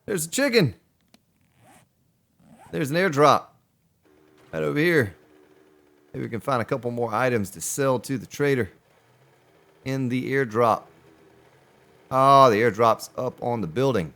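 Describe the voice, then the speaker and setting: Male game streamer, casual chatty play-by-play, lively pitch. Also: unhurried, gravelly, long pauses. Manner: chatty, talks to chat viewers as he plays; animated, pitch jumps on exclamations. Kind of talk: live gameplay commentary.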